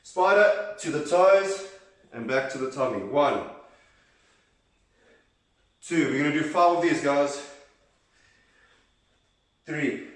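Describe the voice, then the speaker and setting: A man's voice: a little high, lively intonation, slow, pauses often. Upbeat man coaching kids through exercises. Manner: upbeat, encouraging, counting reps aloud. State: out of breath at times. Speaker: children's workout instructor. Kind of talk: leading a kids' exercise class. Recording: very echoey room, voice from a distance.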